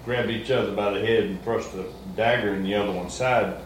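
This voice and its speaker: A man with a fairly low voice chats through a Bible passage, recapping the story with pauses and fillers. His voice sounds roomy and echoey, with a faint hiss behind it. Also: steady tone. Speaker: discussion partner. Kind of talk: conversational Bible study. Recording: echoey room with faint background noise.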